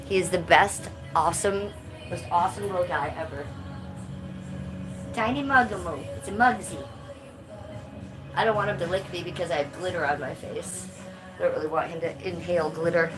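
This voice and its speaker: A woman's voice: fairly low pitch, normal speed, pauses often, music in the background. A woman livestreaming casually from a handheld phone at home, reading chat aloud in a blunt, sweary, jokey way. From Cleveland, US. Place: at home, stepping outside in the cold. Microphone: phone held by hand.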